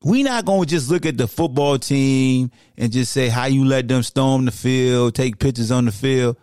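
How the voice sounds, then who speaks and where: A man's voice: mid-range voice, moderate pace, clean tone, no echo, clean studio sound. A man hosting a sports podcast, ranting with heat in casual, slangy talk. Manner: animated, slangy, heated ranting. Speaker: podcast host.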